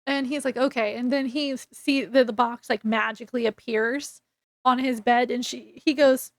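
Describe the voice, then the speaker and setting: A woman's voice: high-pitched, fairly even intonation, measured pace, no room sound, clean studio sound. A woman book reviewer casually recapping a story, chattily retelling scenes in quoted dialogue.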